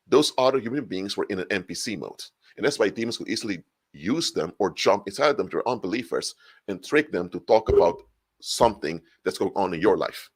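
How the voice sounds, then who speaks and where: A man giving an animated solo monologue, explaining through hypothetical examples, often restarting and correcting himself mid-sentence. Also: on the low side, a little fast, husky. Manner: frequent restarts and self-corrections. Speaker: spiritual commentator.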